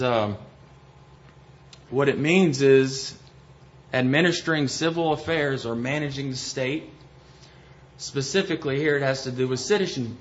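Hesitant man teaching a Bible study. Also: mid-range voice. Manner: explanatory, hesitant with frequent ums and restarts. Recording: dull lo-fi recording with faint hiss.

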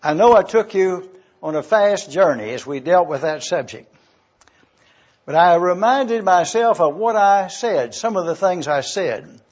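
A man preaching a sermon, slow and deliberate as he teaches from Scripture and spells out words. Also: high-pitched, expressive, darkish tone, dull audio. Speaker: pastor.

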